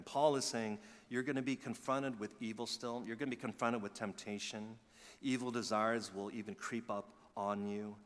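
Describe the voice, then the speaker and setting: A middle-aged male pastor preaching a sermon, telling stories with animated emphasis and dropping to quiet asides. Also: fairly low pitch, moderate pace. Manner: animated storytelling, swings between loud emphasis and quiet asides. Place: church sanctuary. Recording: long reverb of a church hall.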